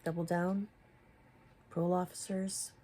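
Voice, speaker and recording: A woman's voice: fairly low pitch, little pitch movement, moderate pace, mellow, a little hiss or hum. A woman giving confrontational commentary, firing rhetorical questions at another creator. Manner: confrontational, rhetorical questions, rising to exasperated emphasis. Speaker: commentary YouTuber.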